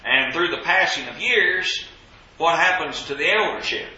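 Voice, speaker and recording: A man's voice: on the high side, animated, normal speed, pushed and bright. A man teaching a Bible class, reading scripture aloud and putting questions to his students. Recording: roomy, dull lo-fi class recording.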